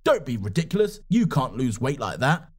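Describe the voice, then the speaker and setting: A man's voice: medium pitch, very animated, normal speed, slightly rough. A man doing a blunt, swearing stranger. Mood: blunt, mocking. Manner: brusque, swearing, sarcastic.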